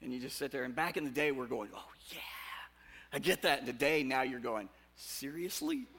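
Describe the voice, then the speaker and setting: A man preaching a sermon to a congregation in a conversational way, drawing the audience in with questions and moving between loud, animated bursts and quiet, earnest passages. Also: medium pitch, quick pace. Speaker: pastor.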